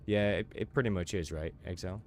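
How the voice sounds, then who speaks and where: Male streamer, very low voice, playful and teasing, loose casual commentary. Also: fast, darkish tone. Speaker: game streamer.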